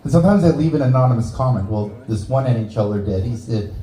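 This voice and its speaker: A man's voice: mid-range voice, animated, fast talker, hardly any pauses, warm tone, echoey room, poor audio. A Canadian man doing a stand-up set in a small bar, teasing the audience with crude jokes. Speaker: stand-up comedian. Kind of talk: stand-up set with crowd work.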